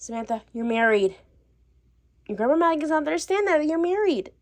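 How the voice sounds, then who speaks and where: A woman voicing a plain-spoken mother in a doll-play story, brisk and matter-of-fact. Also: high voice, animated.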